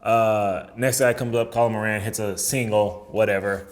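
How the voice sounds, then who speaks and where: A young man, a baseball pitcher, telling a story in casual chat and voicing the people in it. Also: fairly even intonation, normal speed. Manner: acts out other people's lines in raised, mocking voices.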